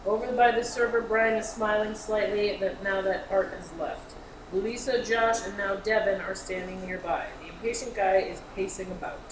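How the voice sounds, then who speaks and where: A woman's voice: medium pitch, steady tone, normal speed. Woman reading stage directions plainly. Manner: plain, matter-of-fact. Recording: roomy hall, audience noise, far mic.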